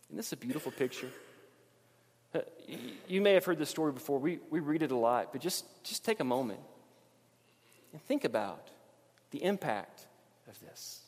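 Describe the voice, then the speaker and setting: Earnest high-voiced preacher in a reverberant hall. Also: male voice, expressive, moderate pace, long pauses. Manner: earnest, emphatic, repeats phrases. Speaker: pastor. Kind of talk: sermon. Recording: long reverb of a large hall.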